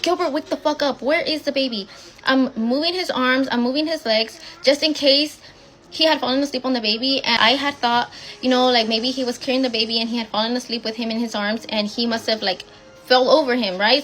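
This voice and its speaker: A young woman casually telling a personal story, blunt and swearing often as she rushes through the retelling. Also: on the high side, a bit bright, low-quality recording.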